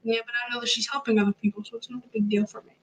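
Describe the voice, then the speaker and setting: A woman guest on a talk show, her voice a little on the high side. She talks in an earnest, reflective way in casual conversation. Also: little pitch movement, racing, breathy edge, dull audio. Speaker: guest, host's daughter. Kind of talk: casual chat.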